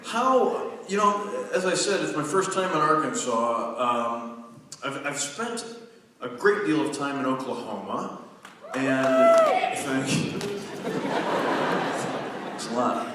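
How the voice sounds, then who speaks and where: A man in his forties giving a humorous, self-deprecating talk to a live audience, telling stories conversationally with quick restarts. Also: mid-range voice, very animated, over a noisy crowd, heavy background noise. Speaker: guest speaker. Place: large lecture hall. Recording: distant mic in an echoey hall.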